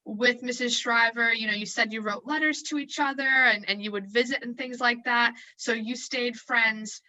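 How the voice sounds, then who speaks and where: Bright-voiced woman interviewer. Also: fairly high pitch, steady tone, moderate pace, low-quality recording. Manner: encouraging, asks prompting questions. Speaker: webinar interviewer. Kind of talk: interview questions. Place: webinar video call. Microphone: video call.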